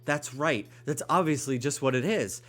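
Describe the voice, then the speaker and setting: A man's voice: mid-range voice, moderate pace, fairly bright tone. A stuffed-up man streaming, reading game dialogue aloud with playful asides and stumbles over tricky words. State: stuffed up, congested.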